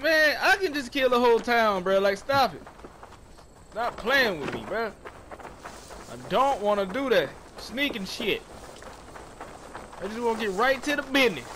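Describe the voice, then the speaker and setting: A man giving casual, profane, excitable commentary while playing a video game, trash-talking the enemies. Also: very high-pitched, unhurried, long pauses, background noise. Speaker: gaming streamer. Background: game music.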